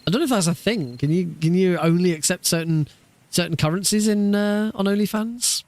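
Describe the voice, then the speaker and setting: A man's voice: sits high, fairly quick, a little mellow. A man chatting casually on a live stream while practicing a speedrun, laughing often and swearing offhandedly.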